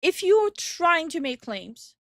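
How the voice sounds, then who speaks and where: Giggly high-voiced woman streamer, dry sound. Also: dry recording. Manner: giggly, animated, quick to laugh. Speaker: VTuber co-host. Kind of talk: casual reaction commentary.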